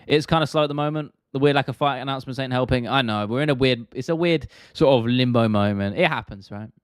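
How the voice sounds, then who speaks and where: A South London man hosts an MMA stream, reading viewer comments in a fast, mid-range voice. He's chatty and blunt, swears freely, and drops his T's; the sound is clean, dry, and close, with no echo.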